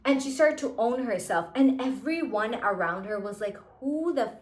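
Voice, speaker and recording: A young woman with a fairly high voice talks straight to her viewers in a loose, chatty monologue. She keeps dropping "like" and "you know" as she goes. The room around her rings with a noticeable echo. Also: animated, normal speed. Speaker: manifestation content creator. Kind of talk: casual motivational monologue. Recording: echoey room.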